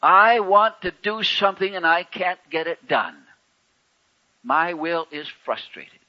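A man preaching a sermon in a folksy, conversational way, with wry humor and sharp swings between loud and soft. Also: high voice, animated, unhurried, lo-fi sound.

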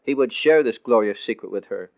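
A man narrating a dramatic story in a scripted, expressive way, slowing down on emotional phrases. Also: lowish voice, vocal fry. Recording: tinny phone-like dry recording.

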